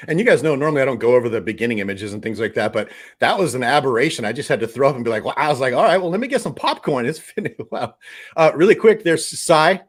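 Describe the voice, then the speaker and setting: Male live-stream host, animated pitch, reads chat aloud, excitable. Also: fast talker. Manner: lively, reads out chat comments with excited outbursts. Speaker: host of a live fan show.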